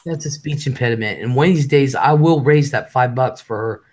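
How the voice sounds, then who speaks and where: A man hosting a casual live stream. He talks fast, swears freely and reads chat messages aloud. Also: medium pitch, darkish tone.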